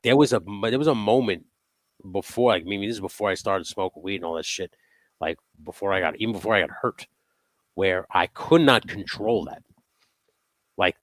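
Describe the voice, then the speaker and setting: Low-voiced man telling stories, dry sound. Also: dry recording. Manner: profane, animated storytelling. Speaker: host. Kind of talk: casual chat. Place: home workshop.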